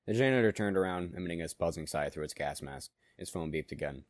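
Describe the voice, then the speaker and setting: A man reading a story aloud in steady narration with occasional slips. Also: low-pitched, fast talker, hardly any pauses, no echo, clean studio sound.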